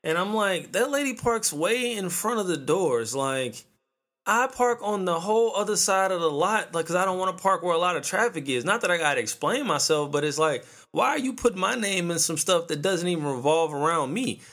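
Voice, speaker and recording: A man's voice: sits high, animated, brisk, a bit bright. A man in his thirties hosting a podcast, ranting casually in a profane, slangy storytelling way. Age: 30s. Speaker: podcast host.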